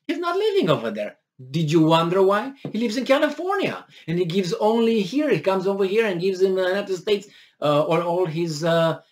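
A man delivers a combative opinion monologue on his vlog, firing off rhetorical questions. His voice sits a little high and swings up and down a lot as he argues. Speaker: political commentary vlogger.

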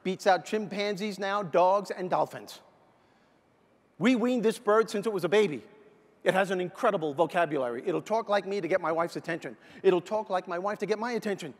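A man with a high, bright-sounding voice delivers a funny motivational talk, animated and energetic as he tells stories. His voice bounces around a large hall with long reverb. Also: a little fast. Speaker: motivational speaker. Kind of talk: humorous keynote stand-up.

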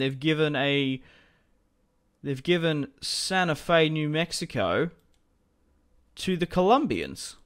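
A young man with a fairly high, slightly bright voice chats casually while playing a strategy game. He rambles as a gaming commentator and often laughs to himself.

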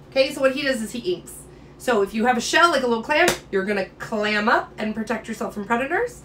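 A woman with a fairly high voice gives a biology lecture in a loose, chatty way. She is playful and clearly enthusiastic. There is a faint background hiss. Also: animated, quick pace, a bit bright. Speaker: biology teacher. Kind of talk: casual classroom lecture.

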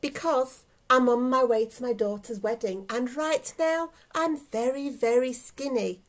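Storybook little old lady, frail and skinny, quavering, pleading, slow-spoken, higher-pitched, as a woman reads her.

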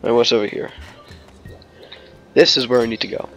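A man's voice: mid-range voice, steady tone, moderate pace, a bit bright, soft background music. A man narrating his gameplay in a casual, rambling way, full of "like" and restarts, with jokes and snatches of song. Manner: jokey, breaks into snatches of song and silly voices. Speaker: let's play host.

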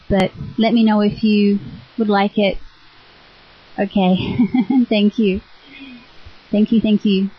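A woman with an Australian accent, a spiritual teacher greeting online listeners in a warm, chatty way and often laughing. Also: medium pitch, husky. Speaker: spiritual teacher on internet radio. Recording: dull lo-fi web radio audio.

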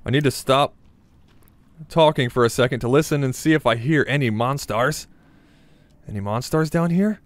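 A young man giving joking, excitable commentary while playing a survival horror game, talking to his viewers and swearing when startled. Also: medium pitch, a little fast, dry recording. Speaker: gaming channel host.

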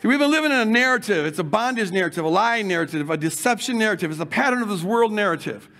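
An older man preaching a sermon, moving from fervent shouting to hushed guided imagining. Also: high-pitched, animated, quick pace. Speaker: pastor.

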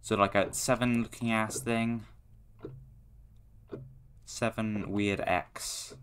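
A young man giving foul-mouthed, excitable commentary while playing a horror game, yelling at what scares him. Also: fairly low pitch, takes it slowly, slight background noise. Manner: swearing, excitable, shouting at the game. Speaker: gaming YouTuber.

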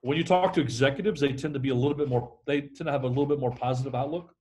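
A man's voice: mid-range voice, racing, a little mellow. A middle-aged man, a sales trainer, talking energetically in a podcast interview and acting out phone calls.

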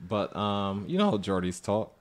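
A young man from Barbados with a Barbadian accent, a comedian guest who speaks softly and hesitantly in a laid-back way. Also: lowish voice, very animated, normal speed. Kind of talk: casual interview chat.

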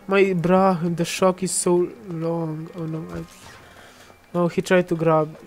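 A woman's voice: on the low side, little pitch movement, slow pace, darkish tone. A young woman giving casual, chatty gameplay commentary, often giggling and teasing other players. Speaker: gamer.

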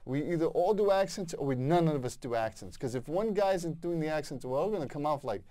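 A man co-hosting a casual film review chat, giving opinionated, lively critiques with frequent restarts. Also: a little high, fairly quick. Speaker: co-host.

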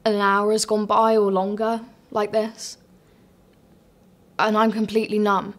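A woman playing a grieving woman, speaking haltingly and rising into raw outbursts of loss and anger. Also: mid-range voice, completely flat delivery, lightly acted. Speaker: actress. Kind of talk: dramatic monologue.

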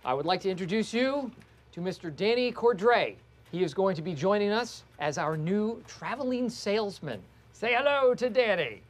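A man's voice: high voice, big pitch swings, normal speed. An actor playing a theatrical, meddling male office boss in a sitcom, with a showy, stagey delivery. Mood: announcing. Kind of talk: sitcom acting.

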